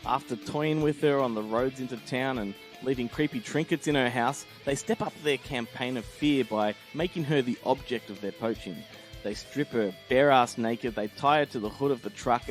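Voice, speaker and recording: A tired Australian man with a raspy, gravelly voice presenting a blunt, irreverent movie review segment. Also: medium pitch, moderate pace, faint music behind.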